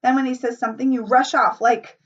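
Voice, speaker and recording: A woman's voice: fairly high pitch, normal speed. A woman voicing a chubby, anxious schoolboy with glasses, whiny and indignant. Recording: muffled, from a distance.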